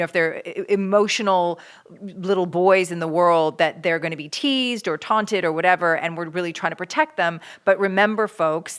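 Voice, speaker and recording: A middle-aged woman from Canada co-hosting a parenting podcast, talking casually and acting out quoted voices with big jumps in pitch. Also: fairly bright tone, smooth. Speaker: podcast co-host.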